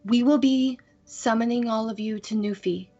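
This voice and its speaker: A woman voicing a composed female council representative who speaks politely and with measured care. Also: on the high side, fairly even intonation, warm tone, muffled recording, soft background music. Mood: formal.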